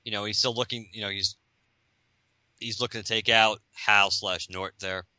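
A man hosting a podcast casually recaps a comic book, animated and laughing often as he acts out scenes and lines. His lowish voice is clear and resonant at normal speed, with no room sound.

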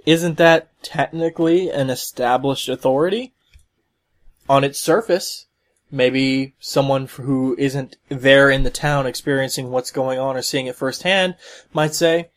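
A man's voice: mid-range voice, fairly even intonation, a little slow. A man hosting a solo podcast, commenting in a rambling way with many fillers and restarts. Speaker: podcast host.

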